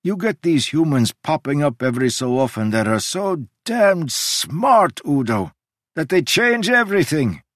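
A man voicing an ancient male god who lectures in a sweeping, emphatic way, with sudden jumps in pitch. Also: very animated, unhurried, a bit bright, no room sound, studio quality, full character voice. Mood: lecturing. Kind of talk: audiobook character reading.

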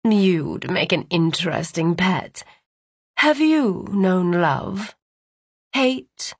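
A woman's voice: on the low side, expressive, husky, no echo, heavily acted. A woman playing a sickly sweet villainess. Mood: sweet taunting. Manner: slow, sugary, taunting.

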